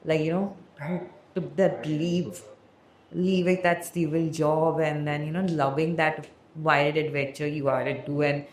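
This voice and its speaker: A woman's voice: low voice, flat delivery, unhurried, reverberant, a little hiss or hum. A woman hosting a podcast, talking in a loose, rambling way. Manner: rambling, many fillers, laughs often. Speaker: podcast host. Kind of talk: casual interview chat.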